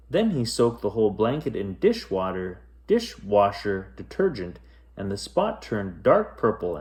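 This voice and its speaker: A man reading a children's picture book aloud as a bedtime story. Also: fairly low pitch. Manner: expressive, lilting.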